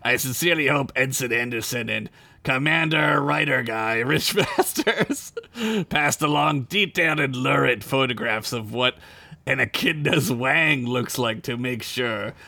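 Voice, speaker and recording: A man's voice: mid-range voice, a little slow, creaky, sharp tone, no echo, heavily acted. A man voicing a male Gorn lizard alien prisoner as he reads a listener email aloud in character. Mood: mock menacing. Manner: read aloud with a mock-menacing put-on voice.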